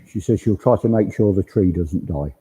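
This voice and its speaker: A man's voice: low-pitched, warm tone, husky, low-quality recording. A man working as a spiritualist medium, relaying spirit messages to the congregation in quoted speech during a service. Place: village hall.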